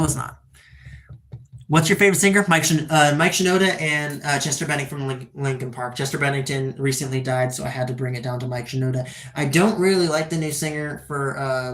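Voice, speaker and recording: A person in their twenties livestreaming, chatting casually and rambling excitedly, swearing often and answering chat questions. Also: medium pitch, roomy sound. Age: 20s.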